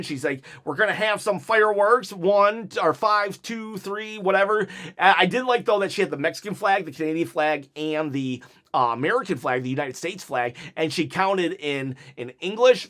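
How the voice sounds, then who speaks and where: A man giving a casual, opinionated wrestling review, chatty, with quick asides and frequent restarts. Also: a little high, fairly bright tone.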